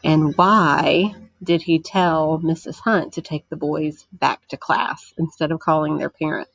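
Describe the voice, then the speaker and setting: A woman teacher reading a chapter book aloud to her class, gentle and explanatory, stopping to ask the children questions. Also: low-pitched, a little slow, creaky, no echo, highs cut off.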